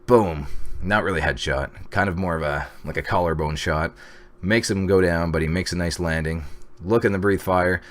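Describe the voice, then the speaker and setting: A man casually recapping a TV episode, rambling with fillers and excited reactions. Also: deep voice, moderate pace. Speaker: TV episode reviewer. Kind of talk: casual video review.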